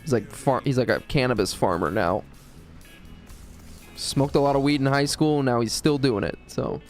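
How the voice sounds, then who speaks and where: A man's voice: medium pitch, moderate pace, faint music behind. A man from the United States streaming live and rambling through a profane, joking story. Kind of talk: casual storytelling.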